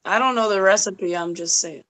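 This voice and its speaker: A woman joining a casual chat, slow and teasing. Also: medium pitch, fairly bright tone.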